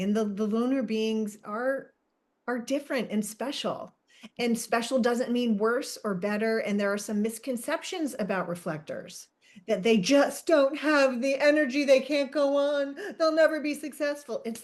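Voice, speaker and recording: Speaking at a measured pace in a fairly high voice, a podcast co-host chats casually, laughing frequently. She keeps interrupting herself and straying off track.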